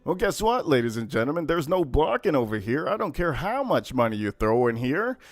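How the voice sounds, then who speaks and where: A male livestream host with a fairly high, very lively voice tells stories in casual, cursing chatter. The sound is dry and close, with no room echo. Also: fairly quick. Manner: profane, animated storytelling.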